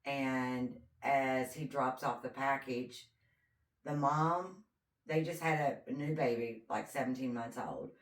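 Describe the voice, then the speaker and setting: A woman's voice: extremely low pitch, takes it slowly. A woman co-hosting a podcast, telling a true crime story in casual chat and acting out the quotes as she goes. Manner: animated storyteller, acts out quotes. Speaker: podcast co-host. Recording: roomy echo, distant mic.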